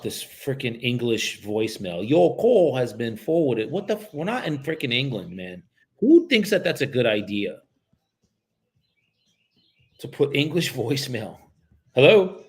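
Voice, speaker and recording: A man from the United States, a real estate agent, making cold calls and chatting casually between them, profane and joking. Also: mid-range voice. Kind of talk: livestreamed cold calling with running commentary.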